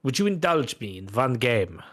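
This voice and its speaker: A man's voice: mid-range voice, very animated, moderate pace, a bit bright. A man voicing a hapless, overly polite foreign gambler with a put-on French accent who keeps apologizing. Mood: flustered. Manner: fussy, apologetic, sprinkled with French words.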